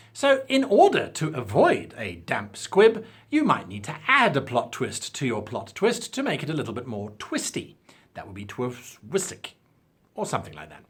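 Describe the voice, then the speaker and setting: A man's voice: mid-range voice, husky. A South African man with a careful British-style diction, hosting a talking-head advice video in a theatrical, emphatic way. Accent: South African English, with crisp British-style diction. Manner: theatrical, lively delivery with drawn-out emphasis. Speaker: channel host.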